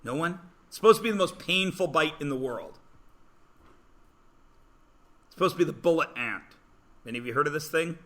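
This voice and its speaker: A bright, fairly high-pitched man teaching a math lesson in a classroom. He talks casually, cracks jokes at his own expense, and keeps nudging quiet students to take a guess. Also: animated, fairly quick, long pauses. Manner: joking, self-deprecating, prodding students to guess. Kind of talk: classroom lecture.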